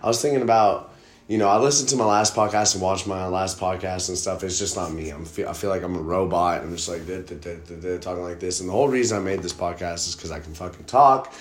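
A man's voice: low-pitched, fast. A man hosting a podcast in a loose, profane, rambling casual chat. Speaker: podcast host. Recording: echoey room.

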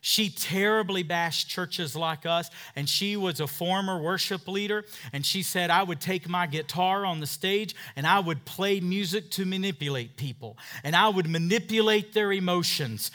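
A man in his thirties preaches to his congregation with a bright, forceful edge and a voice pitched somewhat high. He is emphatic, calling out for amens, dropping to near-murmurs before climbing back to loud, insistent declarations. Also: normal speed. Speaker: pastor. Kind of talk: sermon.

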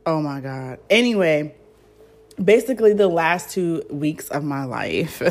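A woman's voice: low-pitched, lively intonation, unhurried. A young woman hosting her own podcast, chatting casually and rambling with lots of fillers. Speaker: podcast host. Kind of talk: casual solo podcast chat.

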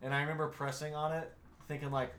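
Co-host type, male, somewhat high voice, dry joking asides, echoey room sound. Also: little pitch movement, fast talker, fairly bright tone. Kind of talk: casual chat about a film. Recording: roomy echo.

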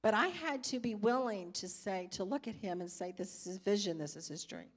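A woman's voice: mid-range voice, lively intonation, fairly quick. An older woman speaking in church, teaching through personal stories and acting out her own past reactions. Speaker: pastor's wife teaching.

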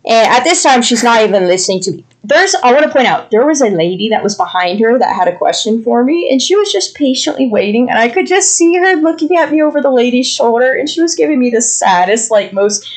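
A woman co-hosting a podcast, telling a work story in an animated, laughing way. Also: on the high side, fast, few pauses, rough recording. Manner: animated, laughing often, acting out quotes. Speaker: podcast co-host. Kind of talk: casual storytelling.

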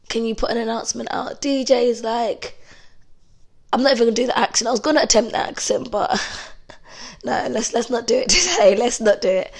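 A young woman from telling a story to camera in a chatty, animated way, with some swearing. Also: a little high, gravelly. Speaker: vlogger. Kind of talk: casual storytime.

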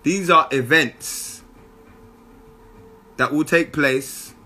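A young man gives a casual motivational monologue, slangy and animated, full of asides. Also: a little high, drawn-out words.

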